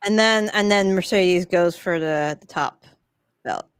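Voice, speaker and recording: A woman's voice: on the low side, a little slow, clear, resonant tone, no echo, studio quality. A woman co-hosting a live wrestling watch-along, chatting casually with wry, teasing asides and laughing at her own jokes. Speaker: co-host.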